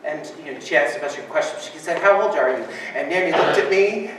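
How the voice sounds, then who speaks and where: Laughing pastor in an echoey church. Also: male voice, a little high, expressive, quick pace. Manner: chatty, laughs often. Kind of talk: sermon with humorous storytelling. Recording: echoey hall from far off, noisy.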